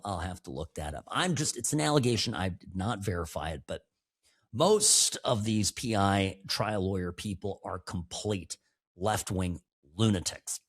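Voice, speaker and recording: Radio host man, husky voice, swings up and down a lot, opinionated riffing with asides. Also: lowish voice. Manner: animated, riffing, quick asides and chuckles. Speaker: radio talk show host and injury lawyer.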